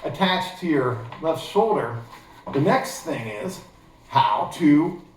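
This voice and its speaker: A man's voice: fairly high pitch, big pitch swings, takes it slowly, slight background noise. Rambling Midwestern man in echoey room. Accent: Midwestern American. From Ohio, US Midwest. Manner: rambling, digressive, chatty with many fillers. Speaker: gear how-to vlogger. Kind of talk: casual how-to demonstration. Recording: very echoey room, voice far from mic.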